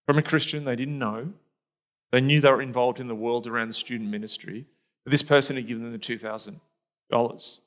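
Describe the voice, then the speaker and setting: Middle-aged male pastor, conversational storyteller, mid pitch, reflective with loose restarts. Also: fairly even intonation, a little fast, a bit bright. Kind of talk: storytelling sermon.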